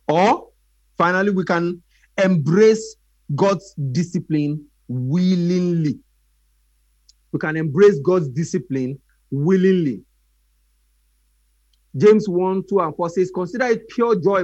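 High-voiced animated preacher man. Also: no room sound, muffled recording. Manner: animated storytelling with acted voices. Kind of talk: sermon.

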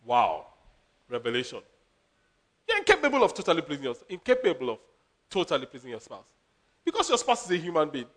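A man preaching a sermon as a pastor, animated, laughing and acting out quotes. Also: fairly high pitch, a little fast, pauses often.

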